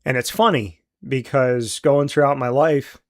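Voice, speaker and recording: A man in his forties from central New York, hosting a talk show and speaking in a heartfelt, halting, openly emotional way. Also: mid-range voice. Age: 40s. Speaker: host. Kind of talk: casual talk show monologue.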